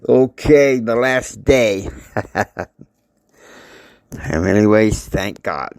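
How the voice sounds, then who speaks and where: A man casually retelling a family drama story in a rambling, halting way with many fillers. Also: lowish voice, animated, vocal fry, darkish tone, dry recording.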